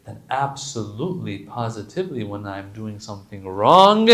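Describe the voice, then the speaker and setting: Guy giving a casual sermon, mid pitch, chatty and animated. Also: unhurried. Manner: conversational, animated, slangy asides. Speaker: religious lecturer.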